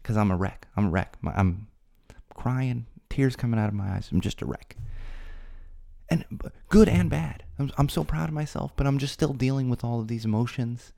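Guy with a gravelly low-key voice, podcast host telling a personal story, earnest and open. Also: warm tone. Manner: earnest, candid, talks from the heart.

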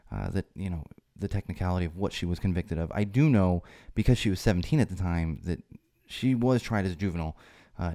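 A man's voice: low voice, mellow, no room sound, clean studio sound. A man hosting a solo podcast, talking in a rambling way with restarts and fillers, and getting more emphatic when he stresses a point. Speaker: podcast host.

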